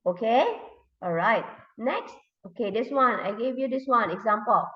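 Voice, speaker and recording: Thai-accented woman teacher drilling pupils, unhurried; lo-fi, echoey classroom recording. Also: mid-range voice. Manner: repeats words slowly to drill them. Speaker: English teacher. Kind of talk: classroom lesson for young learners. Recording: dull, roomy, recorded from a distance.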